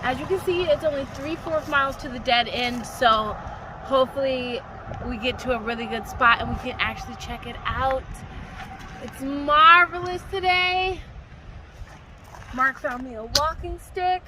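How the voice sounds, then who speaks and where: A woman's voice: high-pitched, a little slow, background noise. A woman hiking vlogger talking casually outdoors on forest trails, chatty, upbeat and self-mocking. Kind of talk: casual vlog narration.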